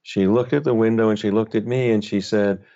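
A middle-aged male author, a guest on an interview, telling a personal story in a gentle, thoughtful, unhurried way. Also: on the low side, fairly even intonation. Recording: slightly dull, lo-fi sound.

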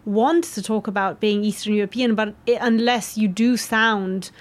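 A woman's voice: medium pitch, steady tone, normal speed. A woman from Romania, an actress and guest, speaking candidly and animatedly in a conversational interview.

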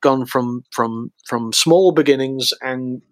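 A man's voice: mid-range voice, slow pace, dry recording. A man telling stories in casual chat, rambling with many fillers and acting out quotes.

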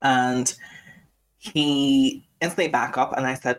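A man's voice: mid-range voice, fairly even intonation, measured pace, fairly bright tone. A Scouse man co-hosting a podcast, telling stories in a blunt, sweary rant. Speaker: podcast co-host. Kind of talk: casual podcast chat.

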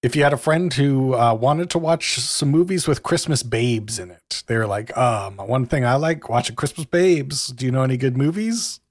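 A man's voice: mid-range voice, moderate pace, few pauses, no room sound. Playful, teasing man, dry close sound. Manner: playful and teasing, with crude jokes. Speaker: podcast co-host. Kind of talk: casual chat.

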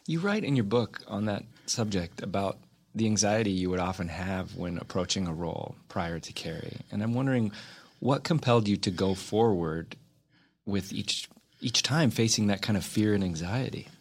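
A man's voice: lowish voice, expressive, moderate pace, slightly rough. A man hosting an interview podcast, asking his guest questions in an admiring, eager way. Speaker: podcast host.

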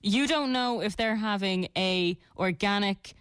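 An Irish woman in her thirties co-hosting a radio show, chatty and quick to defend herself between laughs. Her voice is mid-pitched and recorded dry, with no room echo. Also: a bit bright, smooth. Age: 30s. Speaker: radio co-host. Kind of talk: casual radio banter.

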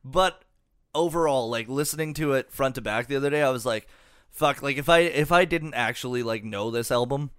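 A man's voice: mid-range voice, a little fast, a bit bright, clean tone, dry recording, studio quality. A young man co-hosting a casual album review podcast, swearing a lot and rambling with fillers. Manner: profane, rambling, lots of fillers. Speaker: podcast co-host.

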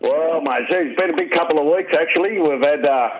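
A laid-back man with an Australian accent chats and jokes from his lounge room. His voice sits a little high, and the line sounds dull and lo-fi. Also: fairly quick. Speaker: phone-in guest. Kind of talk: casual banter.

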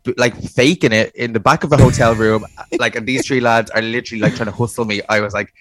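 A young Irish man, a drag performer co-hosting a podcast, telling lively stories in casual chat and acting out what people said. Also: mid-range voice, quick pace. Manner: animated storyteller, acts out quotes, laughs often.

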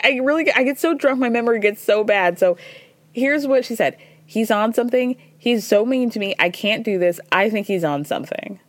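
A woman in her thirties recapping reality TV in a casual, animated storytelling way, quoting people as she goes. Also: mid-range voice, no echo. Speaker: podcast host recapping reality TV.

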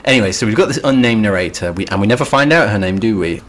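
A man's voice: fairly low pitch, lively intonation, rapid-fire. A man co-hosting a literature podcast, giving background in a dry, understated chat with wry asides. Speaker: podcast co-host.

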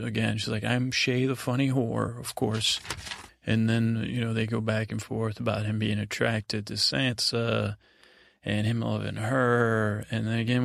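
A man hosting a sleep podcast, recapping in a meandering, halting way with many restarts. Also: on the low side, vocal fry, fairly bright tone, no echo, studio quality. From United States. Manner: paraphrases scenes in casual voices. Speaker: podcast host.

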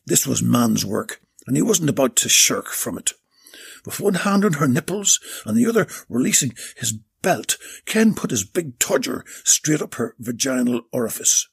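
A man with a gravelly, raspy voice narrating a comic story in a deadpan way. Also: medium pitch, normal speed.

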